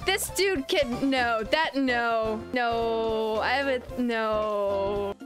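High-voiced excitable young woman gamer. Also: drawn-out words. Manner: excitable and playful, with sudden yelps and chatter to game creatures. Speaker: gaming video creator. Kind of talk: Minecraft let's play commentary. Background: background music.

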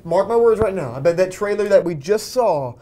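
Man, podcast host, casual movie chat, eager, chatty, slightly high voice. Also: animated, fairly quick, dark tone, slight background noise. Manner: eager, chatty, steers the discussion.

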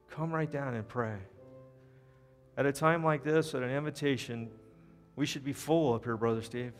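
A man's voice: medium pitch, normal speed. A male pastor telling a story in his sermon and leading an altar call in a church. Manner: storytelling, earnest, drops soft at invitation. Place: church sanctuary. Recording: long church reverb, faint music.

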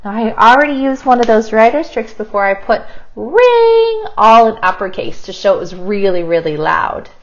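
A woman teacher modeling kindergarten writing, thinking aloud and slowly sounding out each word as she writes. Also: fairly high pitch, sing-song, highs cut off. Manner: slow, sounds words out while writing.

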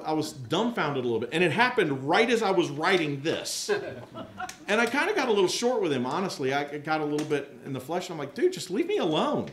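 A man's voice: on the high side, fairly bright tone, echoey room, a little hiss or hum. A man preaching a conversational sermon, telling candid, self-mocking stories and acting out the voices of people in them. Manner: candid, self-mocking storyteller who acts out quoted voices. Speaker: pastor. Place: large rented hall used for church services.

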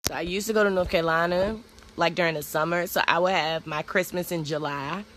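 A woman's voice: lowish voice, steady tone, a little fast, fairly bright tone, a little hiss or hum. A young woman telling a personal story on her vlog in a blunt, candid, profane way. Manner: blunt, candid, profane, speeds up when worked up. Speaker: vlogger.

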